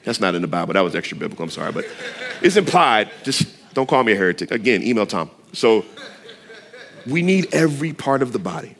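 A man's voice: lowish voice, fast talker, vocal fry. A man preaching a casual, conversational sermon, often checking in with the listeners and adding light self-deprecating humor. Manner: conversational, lively, asks the room often. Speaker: pastor.

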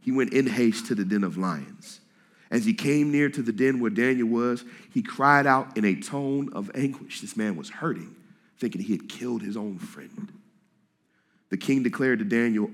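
A man preaching a sermon to a congregation in a lively, conversational way, reading scripture and speaking in casual slang. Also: medium pitch, normal speed. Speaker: pastor. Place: church hall with congregation.

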